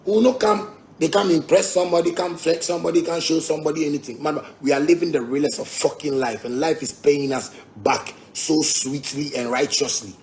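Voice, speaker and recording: A man's voice: on the high side, fairly even intonation, fairly quick, darkish tone, a little hiss or hum. A Ghanaian musician with a Ghanaian Pidgin English accent, delivering a heated, combative rant to his fans, repeating himself and swearing. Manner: combative, repetitive, swearing, laughing asides.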